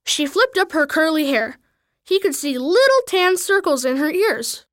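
A woman reads a children's story aloud, expressive and animated throughout. Her voice is high and swings widely from line to line. The recording is dry and close. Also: unhurried, no echo. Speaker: reader.

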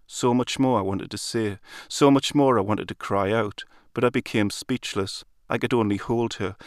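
A man reading a literary story aloud in a calm, measured storytelling manner. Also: lowish voice, smooth, no echo, studio quality. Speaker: narrator. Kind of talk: literary audiobook narration.

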